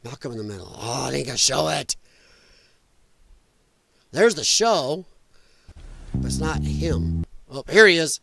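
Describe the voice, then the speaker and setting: A man's voice: on the high side, sing-song, moderate pace, creaky, pauses often, fairly bright tone, dry recording. A man with heavy, audible breathing hosts a casual commentary show. He mocks freely and laughs at his own asides. His voice is dry and close to the mic. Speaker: host.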